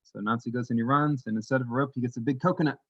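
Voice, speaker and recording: A man telling a folktale to a congregation in an animated, folksy way, with casual asides. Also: medium pitch, very fast, breathy edge, no echo, highs cut off. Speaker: worship leader telling a story.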